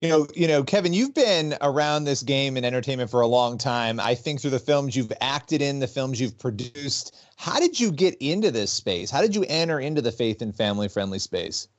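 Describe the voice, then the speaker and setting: A man's voice: medium pitch, lively intonation, moderate pace, hardly any pauses. Male co-host asking a question. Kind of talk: interview questions.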